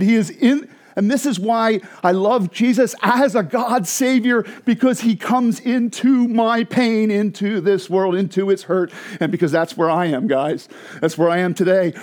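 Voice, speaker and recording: A man preaching an evangelistic sermon with passion, swinging from hushed low phrases to loud emphatic ones. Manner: frequent laughs and restarts. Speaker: pastor.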